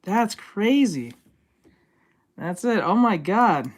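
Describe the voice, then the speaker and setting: A woman streamer in casual reaction chat who swears freely and breaks into laughter easily. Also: mid-range voice. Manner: profane, excitable, quick to laugh.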